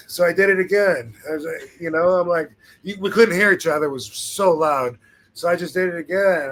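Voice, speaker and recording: A man's voice: on the high side, a little fast, a bit bright, slight background noise. A man hosting a podcast, telling a story in a laid-back, casual way, swearing freely and laughing now and then. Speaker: podcast host.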